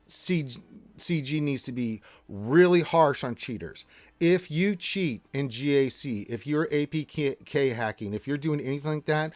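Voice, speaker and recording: A man hosting a casual gaming livestream, reading chat in a blunt, emphatic, rambling manner. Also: medium pitch.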